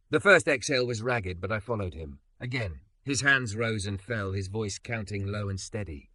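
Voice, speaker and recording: A man narrating a first-person story with an expressive, emotional delivery. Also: on the low side, moderate pace, no echo.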